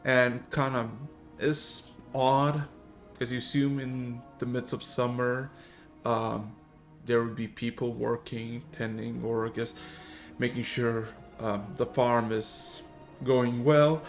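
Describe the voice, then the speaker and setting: A man's voice: medium pitch, flat delivery, slow pace, faint music behind. A man narrating as game master of a tabletop game, hesitant with many fillers.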